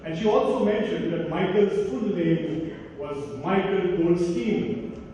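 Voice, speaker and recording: A man tells a story at a celebration in a measured, expressive style, his voice pitched fairly high yet mellow. He is heard from a distance in a large hall with a long echo, and the sound is dull with faint noise behind it. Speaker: speaker at a college Christmas celebration. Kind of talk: storytelling address.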